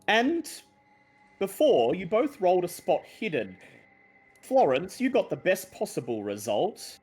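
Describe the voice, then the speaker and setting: A man narrating a tabletop horror game as game master, building tension with slow, dramatic description. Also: high-pitched, wildly swooping pitch, darkish tone, slightly rough.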